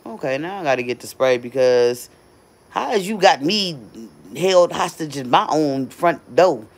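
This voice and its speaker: A middle-aged woman talking casually to her live stream viewers from her home doorway on a phone, chatty and animated. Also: deep voice, unhurried.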